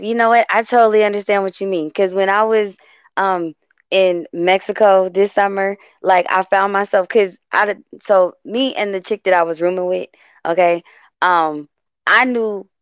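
A woman from the West Coast hosting a casual talk, rambling and animated, often stopping herself mid-thought. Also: fairly low pitch, clear, resonant tone, no room sound. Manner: animated, rambling, self-interrupting. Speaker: host. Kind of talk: casual talk show chat.

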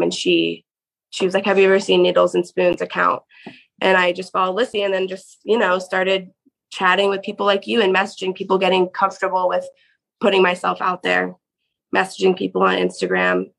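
Woman, podcast guest, casual storytelling, gravelly vocal fry, chatty, lots of "like". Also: lowish voice, fairly bright tone, poor audio. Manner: chatty, peppered with "like".

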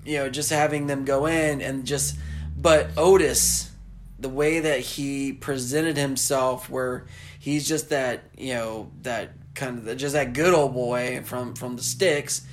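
A man from the American South in casual chat, rambling excitedly and acting out movie lines. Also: mid-range voice, slow pace, a little hiss or hum.

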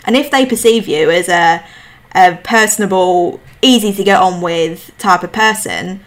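A woman's voice: lowish voice, normal speed. Chatty woman with a slight lisp. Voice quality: lispy. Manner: chatty and emphatic, swears casually. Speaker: podcast host. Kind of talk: casual podcast chat. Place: at home.

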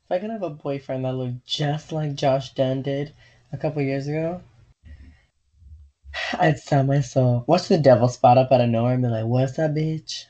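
A woman's voice: a bass voice, normal speed, warm tone. A young woman in casual chat, joking and spinning silly hypotheticals over a call. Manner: jokey, spins silly hypotheticals. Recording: dull lo-fi call line.

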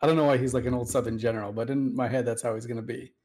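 A man's voice: mid-range voice, fairly even intonation, rapid-fire, a little mellow. A man hosting a casual chat, telling a long story in a chatty, digressive way. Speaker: host.

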